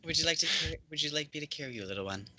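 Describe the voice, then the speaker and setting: A man voicing a gentle, protective unicorn who speaks softly and tenderly. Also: a little high, expressive, rapid-fire, slight background noise.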